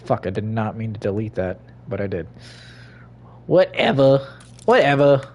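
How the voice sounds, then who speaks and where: A man giving casual, swear-filled commentary while he plays a game, talking to himself, laughing and breaking into sudden loud outbursts. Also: fairly low pitch, level tone, a little fast. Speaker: gaming streamer.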